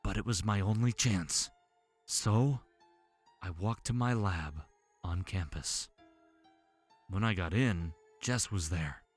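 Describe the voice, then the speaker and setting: A man's voice: low-pitched, takes it slowly, long pauses, faint music behind. A man narrating a horror story in a tense, dramatic way.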